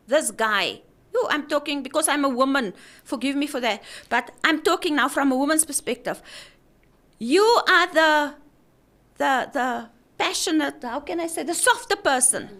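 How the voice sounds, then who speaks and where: Earnest high-voiced woman. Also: expressive, measured pace, fairly bright tone. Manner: earnest, preaching, repeats words. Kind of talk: casual faith-based chat.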